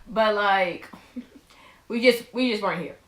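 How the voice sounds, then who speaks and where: A woman's voice: mid-range voice, slow, a bit bright. A young woman, a vlog co-host, rambling casually through a storytime with lots of restarts. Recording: roomy echo.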